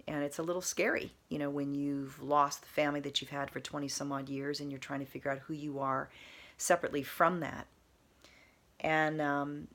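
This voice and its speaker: A woman vlogger telling a personal story in a casual, earnest, meandering way, repeating soft emphatic phrases. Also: low-pitched.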